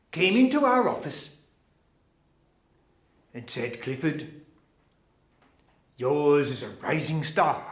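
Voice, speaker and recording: An actor with an Australian accent playing a showy, evasive middle-aged crusade leader in a theatre monologue, chatting straight to the audience. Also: male voice, mid-range voice, fairly bright tone. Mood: confiding. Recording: roomy, echoey.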